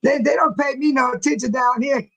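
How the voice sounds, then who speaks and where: A woman's voice: high-pitched, moderate pace, creaky, fairly bright tone, low-quality recording. An older woman, hosting a casual livestream, laughing often and teasing viewers by name as she reads the chat. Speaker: livestream host reading chat.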